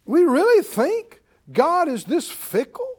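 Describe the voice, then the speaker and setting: High-voiced, animated male preacher. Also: takes it slowly. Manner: emphatic preaching with repeated phrases and call-and-response. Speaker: pastor. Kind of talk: sermon.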